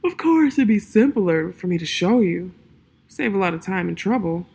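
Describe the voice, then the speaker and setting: A woman voicing a proud, sleepy male cat who speaks slowly and softly in riddles, with a breathy voice. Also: medium pitch, animated. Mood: sly, drowsy. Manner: slow, soft, sleepy drawl.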